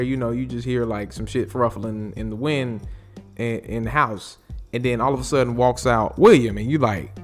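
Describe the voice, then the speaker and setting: A man hosting a podcast, casually recapping a TV episode with lots of profanity, fillers and restarts. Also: mid-range voice. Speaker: podcast host. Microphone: podcast mic.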